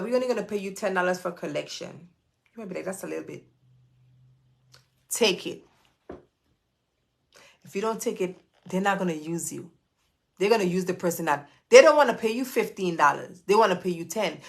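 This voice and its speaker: Woman hosting a chatty live Q&A. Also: medium pitch. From Florida. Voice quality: creaky. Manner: chatty and direct, addresses viewers as y'all. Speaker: host of a live stream Q&A. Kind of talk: casual live stream Q&A.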